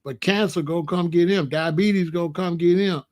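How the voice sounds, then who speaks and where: Blunt, high-voiced man in his sixties. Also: steady tone, normal speed. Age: 60s. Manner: blunt, emphatic, repeats himself. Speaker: host. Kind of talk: casual livestream talk answering chat.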